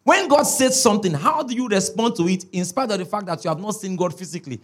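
A man's voice: high-pitched, animated, fast talker. A man preaching a sermon as a pastor, emphatic, repeating key words and checking in with his listeners.

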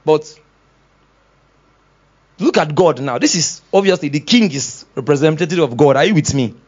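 A man preaching, his pitch high and swinging widely as he acts out little dialogues. He laughs often and shifts between soft asides and bursts of energy. The recording is somewhat dull and lo-fi. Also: animated, moderate pace. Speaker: pastor. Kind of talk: sermon. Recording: dull lo-fi sound.

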